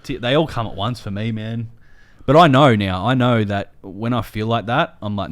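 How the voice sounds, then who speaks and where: Man, Australian accent, deep pitch, casual podcast chat, easygoing, agreeable. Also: moderate pace, no echo. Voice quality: easygoing, agreeable, lots of "yeah". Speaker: podcast co-host.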